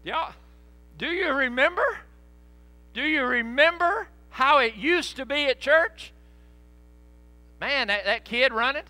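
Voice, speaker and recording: A middle-aged man preaches to his congregation with folksy stories and laughing asides. His voice sits high and swings widely, with a bright, forceful edge. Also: expressive, slow, pauses often, dry recording. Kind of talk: storytelling sermon. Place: church sanctuary.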